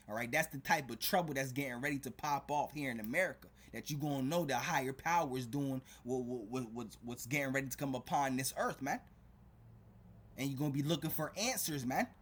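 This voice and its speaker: A man's voice: mid-range voice, husky. A man preaching to a video audience, fervent and warning, who keeps adding "all right?" and "man" between his phrases. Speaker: street preacher.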